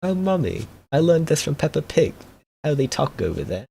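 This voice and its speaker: A man voicing a small child who talks in a prim British accent, high and sing-song. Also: very animated, normal speed, creaky, mellow, slight background noise. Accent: British, put on.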